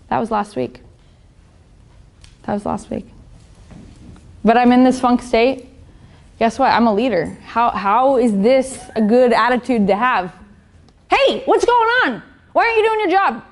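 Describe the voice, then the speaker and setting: A woman business coach giving a motivational seminar talk, blunt and profane, often checking in with the audience. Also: on the high side. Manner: blunt and profane, keeps asking the audience "right?".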